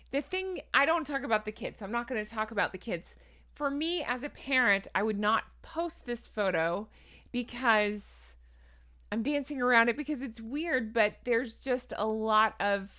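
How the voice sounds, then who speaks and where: A woman's voice: fairly high pitch, bright, forceful tone. A woman hosting an opinionated celebrity commentary, sarcastic and incredulous, hedging her claims with asides. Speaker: commentary host.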